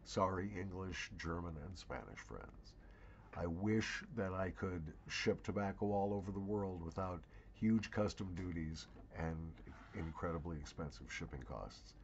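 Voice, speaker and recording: A middle-aged man with a lowish voice talks through a giveaway in a chatty, wry way, leaning hard on his jokes. The sound is dull and lo-fi, with a faint hum of room noise behind him. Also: a little slow. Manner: chatty, wry, emphatic asides. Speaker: channel host. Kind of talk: casual giveaway announcement. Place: home basement.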